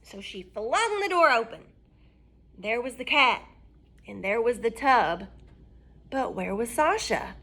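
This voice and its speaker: A woman reading a children's storybook aloud, expressive and asking her listeners questions. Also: a little high, slow pace, pauses often.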